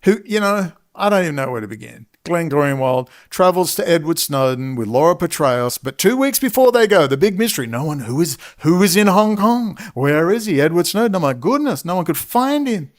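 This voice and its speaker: A man's voice: fairly high pitch, big pitch swings, a little fast, hardly any pauses. A man ranting as a commentator in an angry monologue, swearing and saying he is exhausted. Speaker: political commentator.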